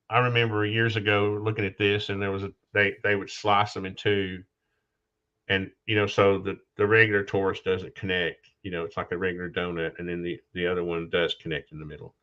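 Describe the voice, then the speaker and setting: A man hosting a casual podcast conversation, talking haltingly with restarts, losing his train of thought and coughing now and then. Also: low voice, sharp tone. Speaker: podcast host. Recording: dull lo-fi sound.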